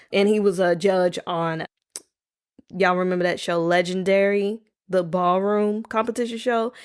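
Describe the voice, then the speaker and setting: A woman's voice: on the low side, clear, resonant tone, dry recording, studio quality. A woman hosting a casual solo podcast, rambling playfully and calling listeners baby and y'all. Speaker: podcast host. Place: home, recording at night.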